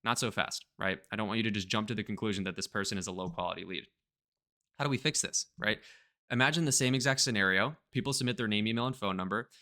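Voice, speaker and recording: Brisk, bright-voiced man coaching. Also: lowish voice. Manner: energetic, checks in with "right?" and "okay?". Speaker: marketing coach. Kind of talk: direct-to-camera teaching.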